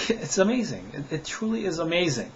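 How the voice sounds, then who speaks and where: A man's voice: fairly high pitch, lo-fi sound, a little hiss or hum. A man giving a heated rebuttal to a critic, firing off rhetorical questions with scoffing chuckles and repeating himself when worked up. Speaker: religious apologist answering a critic. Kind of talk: direct-to-camera rebuttal monologue.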